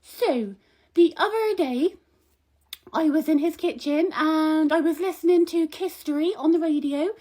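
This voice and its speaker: A young woman rambles through a comic monologue, gossipy and indignant. Her voice sits high and bright in pitch. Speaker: comic vlogger.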